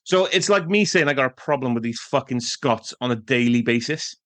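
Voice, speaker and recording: A man's voice: medium pitch, expressive, fairly quick, fairly bright tone, no echo. A man co-hosting a podcast, chatting casually about a film and building his points with asides. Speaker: podcast co-host. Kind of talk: casual film review chat.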